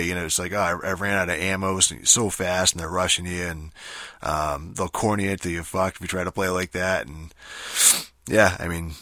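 A man giving a casual, rambling spoken review of a video game, swearing often and filling pauses with um and you know. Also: deep voice, sharp tone, no echo, clean studio sound. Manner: rambling, profane, many fillers and restarts.

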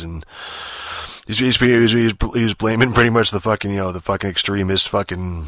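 A man's voice: fairly low pitch, steady tone, moderate pace, a bit bright, dry recording. A man in a casual, rambling rant, swearing in almost every phrase and padding it with fillers and restarts.

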